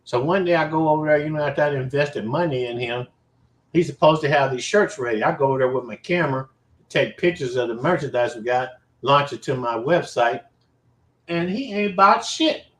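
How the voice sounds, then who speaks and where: A man casually telling a personal story to his viewers, animated and profane, with emphatic repetition. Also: medium pitch, brisk. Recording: roomy echo.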